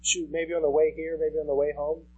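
Man, pastor, sermon, high husky voice, chatty, repeats himself. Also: flat delivery, a little fast, narrow, tinny audio. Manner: conversational preaching, repeats key phrases. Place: church sanctuary.

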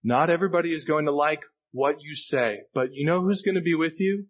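A man's voice: a little high, fairly quick, highs cut off. A male pastor preaching a sermon, earnest and emphatic, repeating key phrases for weight. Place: church sanctuary.

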